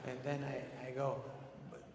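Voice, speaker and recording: A man's voice: mid-range voice, fairly even intonation, moderate pace. A man telling a profane, rambling story on a theater stage as a stand-up comedian. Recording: echoey hall with audience noise.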